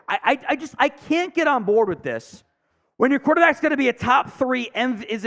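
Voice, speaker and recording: A man's voice: extremely high pitch, a bit bright. A man hosting a live fan stream, calling plays and venting frustration at his team while reading viewer messages, swearing often. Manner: frustrated, swearing, reads chat aloud. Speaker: sports stream host. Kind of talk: live play-by-play and fan commentary.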